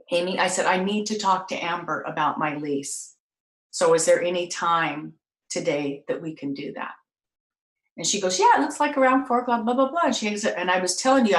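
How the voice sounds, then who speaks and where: A woman host telling a personal story to an audience, acting out the voices of the people in it. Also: on the low side. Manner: animated, acts out voices in her story. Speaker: talk show host. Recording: echoey room.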